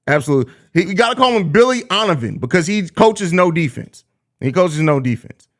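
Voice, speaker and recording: A young man with a high-pitched voice hosts a live postgame stream in loose, casual chat. He laughs easily but turns profane and repetitive when he roasts someone. His delivery is blunt and heated. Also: lively intonation, brisk, a bit bright. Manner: profane, heated trash talk at a chatter; repeats himself, laughs often. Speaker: host of a live postgame show.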